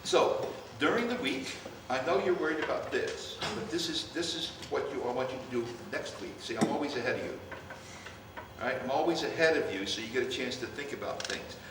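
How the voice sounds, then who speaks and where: An older man conducting a band rehearsal, coaching players and calling out cues in an animated way. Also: medium pitch, fairly quick. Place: large rehearsal hall. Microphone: distant room mic. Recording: far-off echoey hall, noisy.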